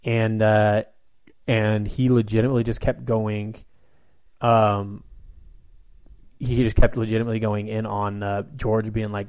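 A man co-hosting a casual sports talk show, retelling events in an animated, rambling way full of restarts and laughs. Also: on the low side, unhurried, pauses often, clean tone, no echo. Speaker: podcast co-host.

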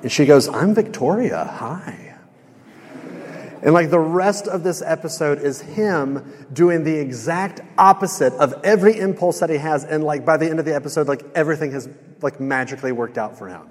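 A man preaching to a room, retelling a sitcom scene with animated quoted lines. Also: fairly high pitch, fairly quick. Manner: storytelling, animated when quoting. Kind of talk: sermon with retold sitcom scene. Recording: hall reverb.

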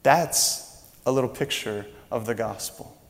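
Male pastor, mid-range voice, animated storyteller, long hall reverb. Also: medium pitch, measured pace, creaky. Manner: animated storytelling, rising loud when excited. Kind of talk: sermon.

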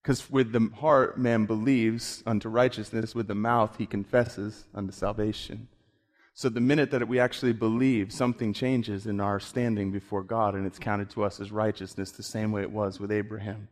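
A male preacher delivering a sermon on a clip-on mic, building to high, excited bursts as he retells scripture. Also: normal speed.

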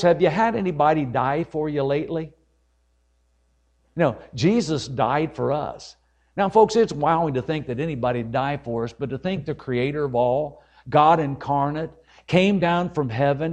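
At a church service, an evangelist preaches a fervent, folksy sermon in a fairly high voice with a darkish tone. He keeps calling his listeners "folks" and builds to emphatic peaks. The audio is dull.

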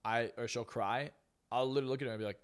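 Brash, fast-talking young man. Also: mid-range voice, steady tone. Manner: profane, brash and emphatic. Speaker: guest, hypnotist and success coach. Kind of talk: blunt podcast interview talk.

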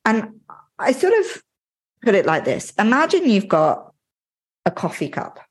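A woman hosts a motivational podcast and coaches her listeners directly. Her delivery is earnest and plain-spoken, with a lively, swinging pitch. Her voice is slightly husky. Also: a little slow.

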